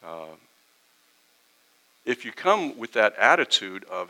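Bright-voiced man preaching conversationally. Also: fairly low pitch, big pitch swings, moderate pace, rough recording. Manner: conversational preaching, acts out quoted exchanges. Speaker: pastor. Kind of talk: sermon.

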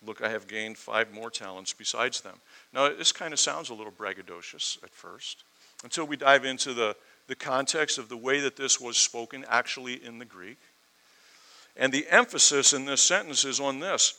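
A man's voice: mid-range voice, moderate pace, bright, forceful tone, rough recording. A man preaching a sermon verse by verse, asking the listeners rhetorical questions and growing more fervent as he goes. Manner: expository preaching, rhetorical questions, rising in fervor.

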